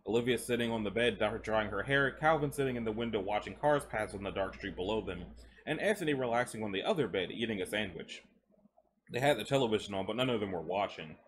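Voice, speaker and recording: A man's voice: on the low side, fast talker, slight background noise. A man casually reading stories aloud while chewing gum, breaking off into chatty asides and stumbling over words. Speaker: story reader.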